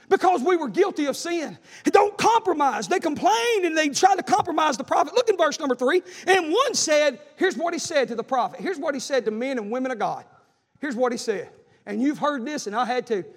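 High-pitched preacher, fiery sermon. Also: male voice. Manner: Southern preacher cadence, repetitive and emphatic, acting out quoted voices. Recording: echoing hall.

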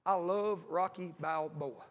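High-voiced preacher in an echoey hall. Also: male voice, a little slow, highs cut off. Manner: fervent, folksy, calls out to the congregation. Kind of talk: sermon. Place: church with a congregation.

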